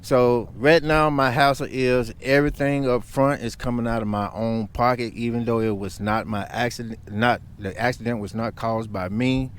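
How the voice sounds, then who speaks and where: A man's voice: mid-range voice, steady tone, normal speed, few pauses, clear, resonant tone. A man vlogging, telling a story in a heated, emphatic rant.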